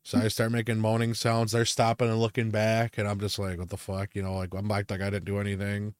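A man's voice: on the low side, completely flat delivery, quick pace, smooth, no room sound, studio quality. A young adult man in casual chat, telling rambling stories full of swearing and filler words. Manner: ranting storyteller, heavy swearing and fillers. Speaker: podcast co-host.

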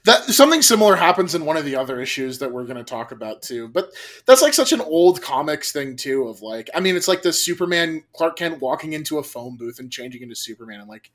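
A man co-hosting a podcast in casual chat, animated and rambling, swearing now and then. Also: fairly high pitch, fast talker. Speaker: podcast co-host.

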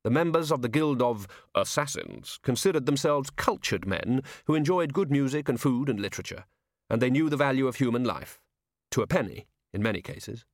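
Expressive male audiobook narrator. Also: medium pitch, brisk, no room sound, clean studio sound. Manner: expressive storytelling. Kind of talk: audiobook reading.

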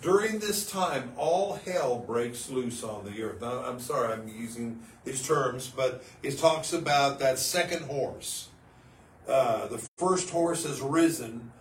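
Co-hosting a casual religious podcast, a man speaks earnestly and dramatically, firing off rhetorical questions. His medium-pitched voice is animated but slow. The mic is distant in a roomy space, with faint noise.

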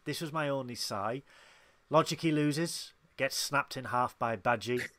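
A man co-hosting a casual review podcast, chatting and acting out characters' lines in quick asides. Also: medium pitch, a bit bright, dry recording. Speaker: podcast co-host.

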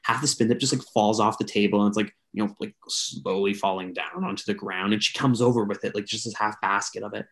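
A man's voice: fairly low pitch, steady tone, quick pace, hardly any pauses, fairly bright tone. A young man from Canada, a podcast co-host, telling a long, rambling story to friends with lots of fillers. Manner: rambling, filler-heavy, chatty. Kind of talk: casual storytelling among friends.

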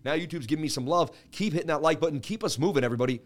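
Fast-talking hype-man crypto streamer. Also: on the high side. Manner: hype-man salesy, calls viewers baby. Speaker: crypto livestream host. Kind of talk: hyped livestream chart talk.

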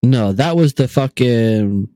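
A man's voice: mid-range voice, expressive, slow pace, mellow, dry recording. A young man hosting a podcast, joking and swearing through casual banter. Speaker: podcast host.

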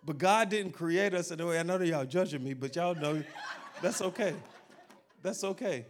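A male pastor preaching a sermon to his congregation in an animated, humorous manner. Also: on the high side, normal speed, a little hiss or hum.

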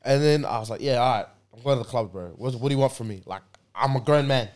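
A young man telling a story in casual chat with friends, animated and laughing, full of slang. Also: medium pitch, fast.

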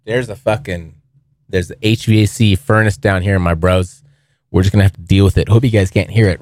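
A man's voice: on the low side, brisk, no echo, studio quality. A young man hosting a podcast from a basement, telling a rambling story full of swearing, talking to his listeners as bros. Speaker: podcast host. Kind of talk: casual storytelling monologue. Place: basement near a furnace.

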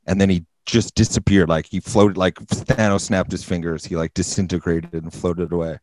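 Deep-voiced man, profane storyteller. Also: a little fast, hardly any pauses, no room sound, low-quality recording. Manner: profane, deadpan-serious storytelling. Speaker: podcast guest. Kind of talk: casual storytelling.

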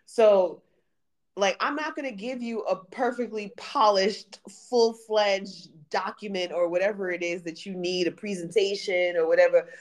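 A woman, a project manager, talking as a podcast guest in animated casual chat. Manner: animated, conversational, quick pitch jumps.

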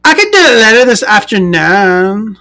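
A woman voicing an entitled, irate middle-aged woman buyer who talks in a shrill, accusing way. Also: sing-song, normal speed, bright, forceful tone. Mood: demanding.

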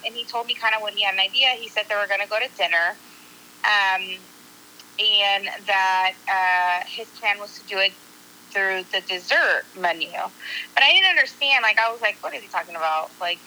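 Bright animated woman telling a story. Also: medium pitch, normal speed, a little hiss or hum, poor audio. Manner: animated, acts out quotes, swears casually. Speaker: coworker and friend telling a proposal story. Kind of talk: casual storytelling to a group.

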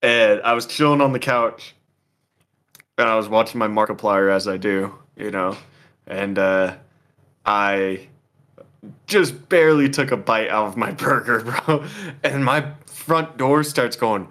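A man's voice: on the low side, measured pace, a bit bright. Laid-back young man telling a story. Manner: laid-back, swears a lot, laughs often. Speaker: podcast co-host telling a story. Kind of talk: casual storytelling chat.

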